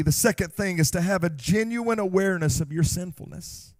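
A male pastor preaching a sermon in an impassioned way, swelling to shouts and slowing on key phrases. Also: high voice, dry recording. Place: church.

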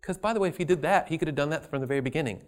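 A man preaching a sermon, stressing key words loudly and then dropping to quiet asides. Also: a little high, racing. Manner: emphatic, swinging between loud stresses and quiet asides.

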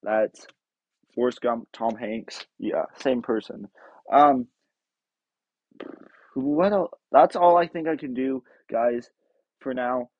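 A man's voice: medium pitch, slow pace, pauses often, no room sound, dull audio. A man hosting his own podcast in a casual, rambling, self-deprecating way, often trailing off. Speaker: podcast host. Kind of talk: casual chat.

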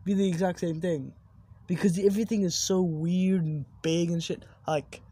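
Husky-voiced young adult rambling casually. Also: mid-range voice, fairly even intonation, normal speed, warm tone, dry recording. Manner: rambling, swearing, many self-corrections. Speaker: vlogger. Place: outdoors at night overlooking buildings.

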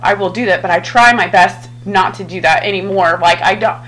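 A woman's voice: mid-range voice, a little fast, a bit bright, poor audio. Blunt, outspoken woman podcast host. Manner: blunt and outspoken, swears freely. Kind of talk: casual chat.

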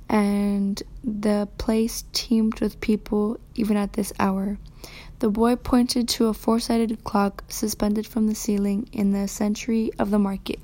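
A woman reading a novel chapter aloud for a podcast, pausing to comment on the story. Her delivery is soft and often half-whispered. The voice is mellow and dark in tone. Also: medium pitch. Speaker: student reader.

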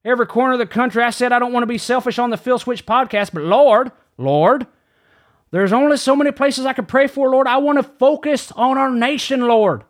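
A man voicing an excitable, rambling male reverend in a comedic mock prayer. He says "Lord" after nearly every phrase and trips over his words. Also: very high voice, a little fast. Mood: fervent. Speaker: guest preacher character. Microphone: studio dynamic mic.

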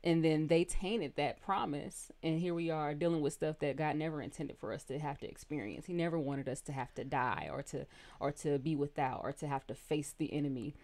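Low-voiced woman in casual faith talk. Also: a little fast. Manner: animated, exclaims and reads scripture aloud. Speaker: podcast co-host.

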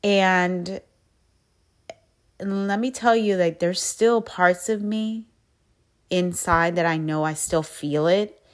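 Slow, low-voiced woman musing candidly. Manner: soft-spoken, candid, searching for words with many pauses. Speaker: podcast host. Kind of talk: reflective personal monologue.

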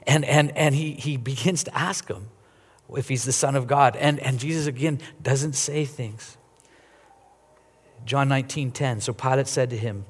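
Male pastor, mid pitch, earnest sermon delivery, echoing church hall. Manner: earnest, repeats words, rises and drops in volume.

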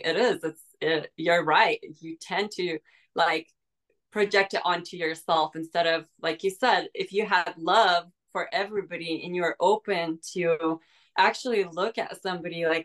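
A woman's voice: lowish voice, steady tone, normal speed, fairly bright tone. A woman hosting an interview, talking in a casual, reflective way with many fillers. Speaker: show host. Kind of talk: interview conversation.

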